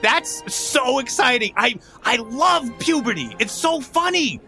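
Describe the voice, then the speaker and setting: A man putting on a gushing high-voiced mom. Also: lively intonation, a little slow, over music. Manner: gushing, teasing, sing-song. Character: excitable doting mother, middle-aged woman. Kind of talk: tabletop role-play voice acting.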